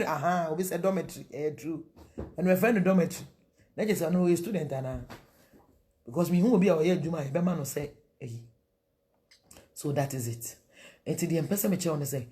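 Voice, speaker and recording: Animated Ghanaian woman preacher. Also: low voice, fast. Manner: animated, mixing Twi and English, rhetorical questions. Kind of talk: sermon-style marriage counsel.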